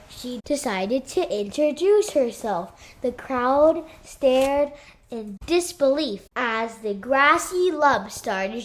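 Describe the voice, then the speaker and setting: A woman reading a children's novel aloud, unhurried, raising her voice for the animal characters. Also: high voice. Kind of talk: read-aloud storytelling.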